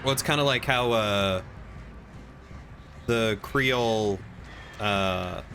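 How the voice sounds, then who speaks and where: A man's voice: on the low side, takes it slowly, background noise. A man streaming a video game and chatting casually with viewers, joking around. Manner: chatty, jokey, puts on a folksy drawl at times.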